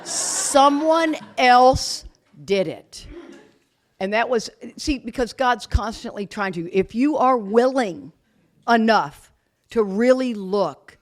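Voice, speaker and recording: Animated woman telling recovery stories. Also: on the high side, unhurried. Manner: animated, laughs often, acts out quotes loudly; blunt, self-mocking humor. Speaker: guest speaker at a recovery retreat. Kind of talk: storytelling recovery talk to a live audience.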